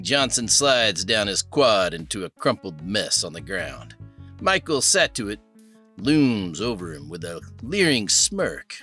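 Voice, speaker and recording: A male audiobook narrator with a lowish, bright voice and very lively pitch that rises and falls through the sentences. Soft music plays behind him. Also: slow. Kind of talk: scripted narration.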